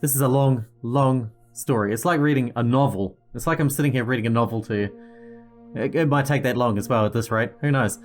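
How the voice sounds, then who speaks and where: A man's voice: mid-range voice, fast talker, soft background music. A man hosting a gaming channel, reading an interactive story aloud with casual, jokey asides.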